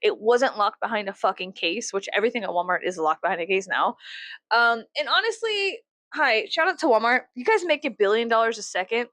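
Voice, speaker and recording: A woman in her thirties from the United States, vlogging at home while she gets ready, rambling and swearing, mocking herself and breaking into loud laughs. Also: fairly high pitch, expressive, fairly quick, dry recording. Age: 30s. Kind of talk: casual get-ready-with-me chat.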